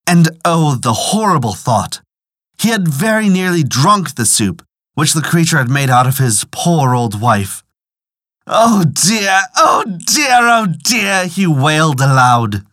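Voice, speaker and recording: A man narrating a folk tale in a measured, expressive storytelling manner. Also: medium pitch, no room sound, clean studio sound.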